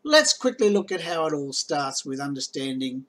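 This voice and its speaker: A man's voice: on the high side, big pitch swings, moderate pace, a bit bright. An Australian man guesting on a commentary video, cheerful and teasing. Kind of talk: comedic commentary narration.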